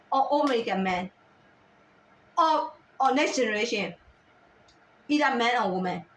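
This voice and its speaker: High-voiced scolding woman in a roomy space. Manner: agitated, scolding, repeated rhetorical questions; halting non-native English phrasing. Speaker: vlogger. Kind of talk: ranting monologue to camera. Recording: roomy sound from a distant mic.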